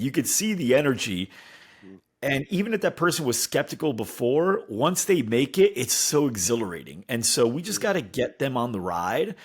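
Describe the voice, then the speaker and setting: A man co-hosting a casual podcast chat, animated, acting out other people's lines in changing voices. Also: mid-range voice, slightly rough. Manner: animated, acts out quotes in voices. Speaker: podcast co-host.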